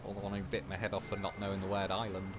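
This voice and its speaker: A man's voice: low-pitched, monotone, very fast, noisy background. A young man livestreaming a game, chatting casually and rambling through anecdotes, swearing freely. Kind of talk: casual chat while gaming.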